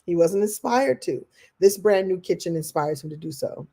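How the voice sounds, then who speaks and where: A woman teaches a live online masterclass, speaking as a motivational coach. Her voice is warm and mellow, and she keeps the talk animated, acting out the things people say and reading out comments from viewers as she goes. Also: on the low side, normal speed. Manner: animated, acts out quoted voices; reads and answers viewer comments.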